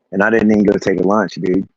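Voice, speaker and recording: A man's voice: sits low, creaky, a little mellow, dry recording. A man ranting about his workday to camera, rambling and swearing, laughing often. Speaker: vlogger. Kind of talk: casual rant. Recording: dull, lo-fi, dry recording.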